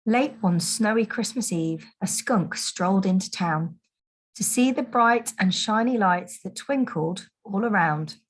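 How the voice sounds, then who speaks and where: Woman, primary teacher, picture book read aloud, gentle, expressive, slow-paced. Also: mid-range voice.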